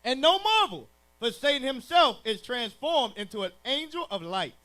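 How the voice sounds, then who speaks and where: A man reading scripture aloud in a formal, measured way. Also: very high-pitched, sing-song, bright, forceful tone. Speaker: scripture reader.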